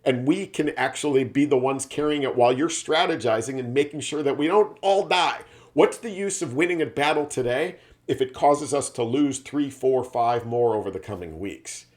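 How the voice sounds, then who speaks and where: A man's voice: mid-range voice, moderate pace, hardly any pauses, lightly acted. A man voicing a cautious medieval army captain who gives his leader blunt, earnest feedback.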